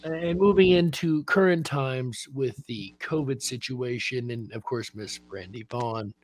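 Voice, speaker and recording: A man's voice: medium pitch, a little slow. A man hosting a casual panel chat, laid-back and full of fillers. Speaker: host.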